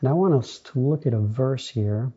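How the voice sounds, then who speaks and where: A man's voice: mid-range voice, normal speed, warm tone, slightly rough, lo-fi sound. A man preaching a sermon, reading scripture aloud and addressing the congregation as brothers and sisters.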